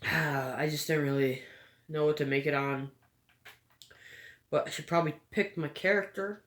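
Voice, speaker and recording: A woman giving casual gameplay commentary, rambling and hesitant with frequent stutters and a low-energy, halfhearted delivery. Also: steady tone, normal speed. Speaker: gaming vlogger. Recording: echoey room.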